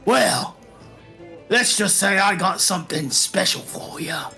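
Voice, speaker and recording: A man voicing a vengeful one-eyed pirate captain, speaking gruffly and menacingly. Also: sits high, animated, takes it slowly, pushed and bright, faint music behind, voice pushed down, heavily acted.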